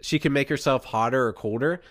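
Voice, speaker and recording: A young man on a remote call, a podcast co-host telling a personal ghost story in a casual, animated way. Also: mid-range voice, a little fast, dry recording, studio quality. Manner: animated storyteller, acts out voices in quotes.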